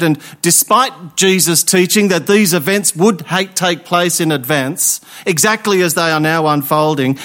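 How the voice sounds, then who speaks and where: A man's voice: a little high, a bit bright. A man preaching an Easter Sunday sermon, emphatic and fond of rhetorical questions.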